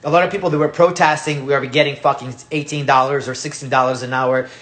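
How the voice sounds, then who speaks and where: A man's voice: medium pitch, fairly even intonation, fast, fairly bright tone. A man with a Russian accent, a native Russian speaker, giving a heated, profane rant as host of his own channel. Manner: profane, repetitive, ranting.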